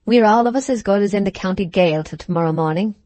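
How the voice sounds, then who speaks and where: A man's voice: sits high, fast talker, darkish tone, no room sound, lightly acted. A woman voicing an evasive young male soldier in an audiobook, with a cool, offhand manner. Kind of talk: audiobook character reading.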